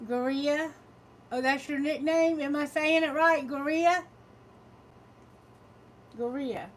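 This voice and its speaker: A woman's voice: sits high, slow, low-quality recording. A woman with a Southern American drawl, reading tarot on a live stream from her phone, chatty and laughing often as she greets viewers. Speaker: tarot reader.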